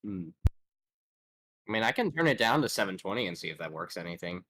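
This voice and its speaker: A man's voice: low-pitched, big pitch swings, a little fast, sharp tone, a little hiss or hum. A man chatting casually as a co-player on a game stream, laid-back and easily amused.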